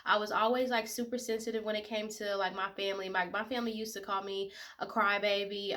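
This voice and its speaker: Young woman, 20s, vlogger; bright, soft-spoken, sincere, loose casual delivery. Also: medium pitch, fairly even intonation, a little fast, few pauses. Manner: emotional, tearful at times, many fillers. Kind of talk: casual personal talk to camera.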